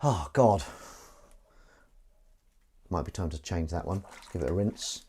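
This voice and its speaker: A man's voice: sits low, lively intonation, takes it slowly, dark tone, slight background noise. A man with a sweary, grumbling manner, chatting casually to viewers while scrubbing pans at his kitchen sink. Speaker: livestream host. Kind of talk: casual chat while washing up.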